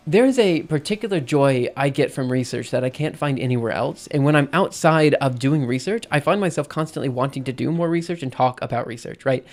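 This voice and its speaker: A man's voice: mid-range voice, brisk, soft background music. A man live-streaming in casual chat, rambling and self-interrupting, often checking in with "right?" between thoughts.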